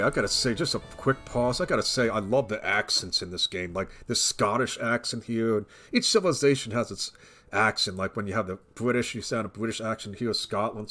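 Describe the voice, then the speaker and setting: A man's voice: fairly low pitch, fairly quick, pushed and bright. Chatty man commenting on gameplay. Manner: chatty, rambling, many restarts. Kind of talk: casual game commentary. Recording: voice over game music.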